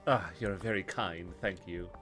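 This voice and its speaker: A suave, cultured smuggler speaks in a polite, measured way with a faint menacing edge, as a man puts him on. The voice sits fairly low, over a faint bed of game music. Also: fairly bright tone. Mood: courteous. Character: cultured middle-aged male Russian tech smuggler, smooth.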